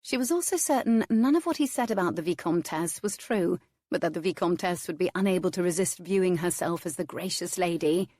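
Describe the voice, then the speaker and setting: A woman narrating a historical romance in a measured, lightly wry manner on a close studio mic. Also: on the low side, animated, warm tone, no room sound. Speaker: audiobook narrator.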